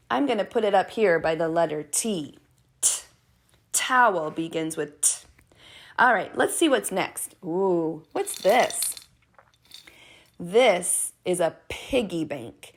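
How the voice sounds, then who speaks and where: A middle-aged woman teaching preschoolers from home, speaking slowly in an encouraging, sing-song manner. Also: fairly low pitch, very animated. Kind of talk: video lesson for young children.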